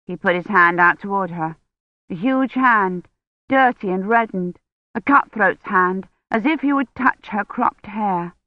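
A woman's voice: mid-range voice, unhurried, no echo. Woman narrator, tense storytelling, dry room, dull lo-fi sound. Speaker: audiobook narrator. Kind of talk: scripted narration.

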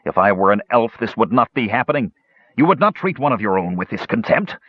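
Man doing a shrill old dwarf, furious and proud, sputtering rants, high and wildly swinging voice, storybook audiobook, dull dry recording. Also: sing-song, brisk. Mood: raging. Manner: sputtering, indignant ranting.

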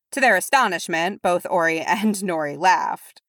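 A woman reading fan fiction aloud with steady, even narration. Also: lowish voice, normal speed, hardly any pauses, no room sound, studio quality. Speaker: audiobook reader.

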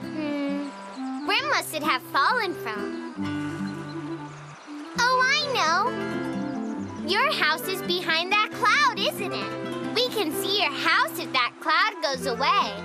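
A woman's voice: extremely high pitch, takes it slowly, pauses often, full character voice. Niloya, a bubbly little girl. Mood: wondering. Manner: bubbly, wondering, excitable. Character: cheerful curious little girl. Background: music.

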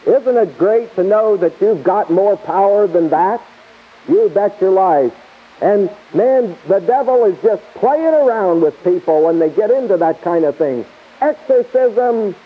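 High husky-voiced male Bible teacher. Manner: emphatic and repetitive, chuckling asides. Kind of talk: sermon-style Bible teaching. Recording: tinny lo-fi phone-like tape.

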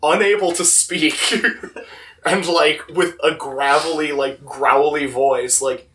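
A young man with a slightly hoarse voice, telling stories casually on a podcast with lots of "like". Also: a little high, steady tone, takes it slowly, a bit bright. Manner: rambling, lots of "like". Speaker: podcast co-host. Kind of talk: casual storytelling chat. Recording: voice distant from the mic.

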